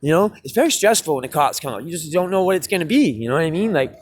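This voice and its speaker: Man, street musician, high lively voice, loose and profane, laughing through his stories. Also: rapid-fire, slight background noise. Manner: profane, rambling, laughs often. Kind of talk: casual storytelling.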